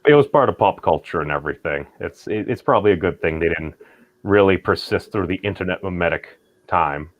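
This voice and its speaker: A man's voice: low voice, animated, brisk, no room sound. A man from Massachusetts, chatting casually on a group stream, rambling with many fillers and restarts.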